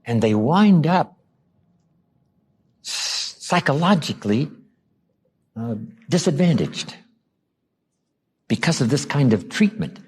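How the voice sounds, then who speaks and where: A man from the United States giving a motivational seminar talk, acting out quoted lines and dropping his voice low for emphasis. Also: very animated, slow, long pauses, darkish tone, breathy edge. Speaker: motivational speaker.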